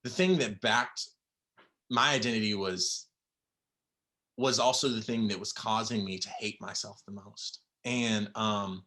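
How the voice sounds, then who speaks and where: Young man guest, bright forceful voice, halting, near tears. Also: fairly low pitch. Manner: halting, many fillers and restarts. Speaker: podcast guest. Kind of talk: emotional personal storytelling.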